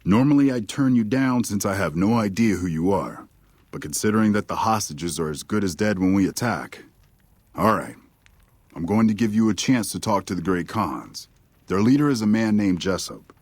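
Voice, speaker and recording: A weary army lieutenant gives blunt, matter-of-fact orders in video game dialogue. His low, husky voice rises and falls a good deal and sits in a dry, close recording. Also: animated, normal speed, darkish tone, no echo. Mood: resigned.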